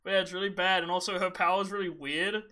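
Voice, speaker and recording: Young man, podcast host, high voice, very bright, profane, mocking, laughs a lot. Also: fairly even intonation, quick pace. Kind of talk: casual gaming podcast chat.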